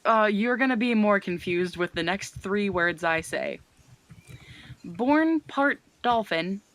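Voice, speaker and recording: A woman's voice: medium pitch, moderate pace, a bit bright. Wry woman reading blurbs aloud. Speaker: podcast co-host reading book blurbs. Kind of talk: casual chat.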